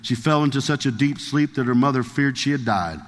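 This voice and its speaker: A man's voice: mid-range voice, fairly quick, big-room sound. A male preacher delivering a sermon, reading a story aloud in an earnest, emphatic way.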